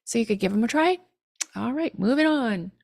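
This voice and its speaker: A woman teaching an online language lesson, sounding out phrases slowly and carefully with light laughs between tries. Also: a little high, animated, gravelly, darkish tone, dry recording. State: frog in her throat.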